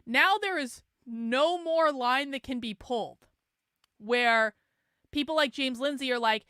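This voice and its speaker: A woman's voice: on the high side, measured pace, pushed and bright, smooth, no echo, clean studio sound. A woman host talking casually and animatedly on her livestream, laughing often and admitting she is hungover. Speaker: show host.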